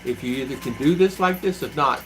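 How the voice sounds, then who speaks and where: A man's voice: mid-range voice, a little fast, fairly bright tone, a little hiss or hum, low-quality recording. A middle-aged man hosting a live stream from home, telling rambling stories and answering viewers by name. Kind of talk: casual live-stream chat. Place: home in the Philippines.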